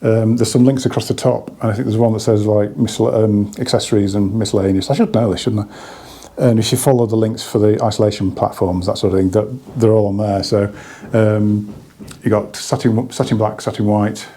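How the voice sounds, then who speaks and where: Chatty hi-fi dealer, husky and mellow, breathless, rambling. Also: male voice, fairly low pitch, steady tone, brisk. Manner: rambling, chatty, many restarts. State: slightly out of breath. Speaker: hi-fi dealer reviewing products. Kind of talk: casual product review.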